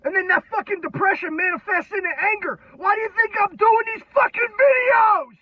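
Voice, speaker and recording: A man, a military veteran, delivering an angry political rant on video, irate and heavily profane, often shouting. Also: very high-pitched, brisk, no room sound. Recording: dull lo-fi, dry sound.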